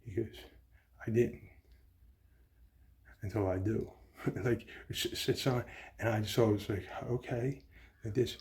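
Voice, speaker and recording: A man's voice: lowish voice, steady tone, a little slow, pauses often, a little mellow, a little hiss or hum. A man giving a rambling, profane, emotional account of his mother's death in hospital. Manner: rambling, profane, agitated retelling. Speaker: grieving son telling his story.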